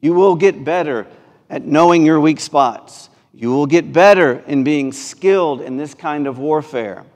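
A man with a Mississippi Southern accent preaches as a pastor in a church sanctuary, his voice fairly high, unhurried and slightly mellow. He is earnest and builds momentum through repeated phrases, and a long church reverb trails his words.

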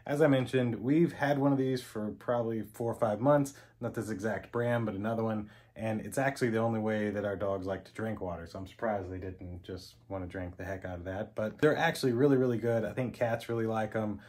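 A man's voice: steady tone, fairly quick, hardly any pauses, darkish tone. A man vlogging a casual product setup and talking his viewers through each step. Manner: chatty, talks to his dogs in a high coaxing voice.

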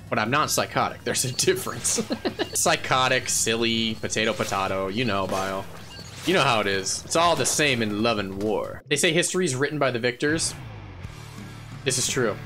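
A man streaming a game live, chatting to viewers in a playful, goofy way, laughing often and yelling when he wins. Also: mid-range voice, animated, normal speed, faint music behind. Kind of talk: casual live gameplay chatter.

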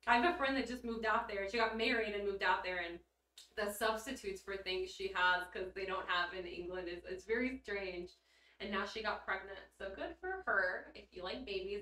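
Woman streamer, crisp bright tone, giggly and blunt, roomy off-mic sound. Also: medium pitch. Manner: bubbly, giggly, blunt, swears casually. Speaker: livestreamer reading chat. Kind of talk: casual livestream chat. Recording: roomy echo, mic at a distance.

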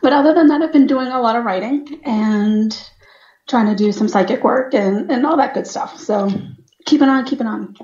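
A woman's voice: a little high, moderate pace, darkish tone. Friendly woman guest with a Boston accent. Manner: friendly, hesitant with many fillers. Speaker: guest, witch and psychic. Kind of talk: casual interview chat. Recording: roomy lo-fi audio.

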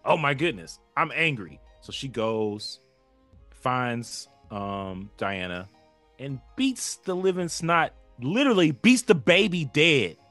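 A man as a podcast guest, recapping a story in a lively way and acting out what characters said. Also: medium pitch, takes it slowly, faint music behind. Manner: lively storytelling that acts out characters' lines, laughs often. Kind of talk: casual chat.

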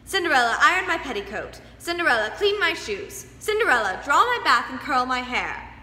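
A woman voicing spoiled young stepsisters in a storybook reading, shrill and demanding. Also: sing-song, a little fast, pushed and bright, heavily acted. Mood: bossy. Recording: echoey studio hall, faint music.

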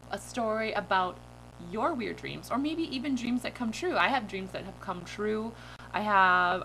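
A woman vlogger telling a story to her camera in a bubbly, giggly, animated way. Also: mid-range voice, a little hiss or hum, poor audio.

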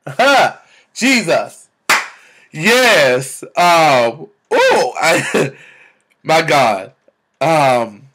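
A young man vlogging about faith, exclaiming and repeating words in bursts of excitement, talking into a camera. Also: a little high, extremely slow, pauses often, husky. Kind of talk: excited spiritual vlog testimony.

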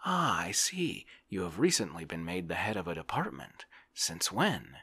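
Man whispering as a lazy musing gentleman, low and breathy, lively pitch, whispered role-play. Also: normal speed, full character voice. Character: idle gentleman, lazy and reflective.

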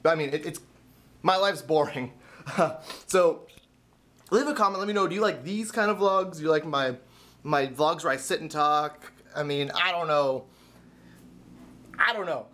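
A man's voice: on the high side, moderate pace, pauses often, fairly bright tone. A man vlogging casually, telling a rambling story full of stammered restarts and self-deprecating asides.

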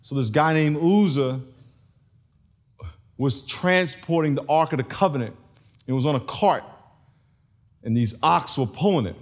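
Animated higher-voiced male pastor. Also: a little slow, pauses often. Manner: animated, chuckling, storytelling. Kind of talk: sermon. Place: large church.

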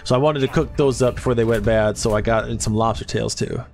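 A man's voice: mid-range voice, fairly even intonation, fairly quick, a little mellow. A man with a Southern US accent, streaming live and chatting casually with his viewers while he plays, swearing offhandedly as he reads the chat aloud.

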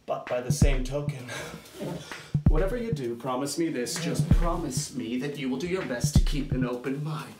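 A man's voice: mid-range voice, moderate pace. A man performing a theatrical monologue on a small stage, scolding and nagging in a stream of stock phrases. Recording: roomy recording with loud music.

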